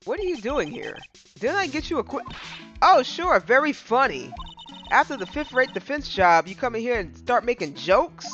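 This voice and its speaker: A man voicing a nervous, self-pitying young former policewoman from a legal game, in a high, tearful voice. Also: big pitch swings, moderate pace, pushed and bright, exaggerated voice. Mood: indignant. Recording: dull lo-fi stream mic. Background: game music.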